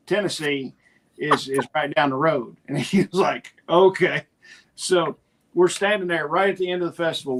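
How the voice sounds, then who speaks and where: A middle-aged man, co-hosting a podcast and retelling conversations in casual chat. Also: a little high. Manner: storytelling, animated retelling of conversations. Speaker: podcast co-host.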